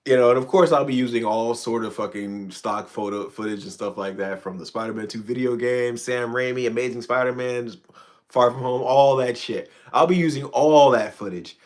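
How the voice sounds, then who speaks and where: A man's voice: mid-range voice, steady tone, moderate pace. A man hosting a casual livestream, ranting in a profane, rambling way with frequent stammered restarts. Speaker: channel host.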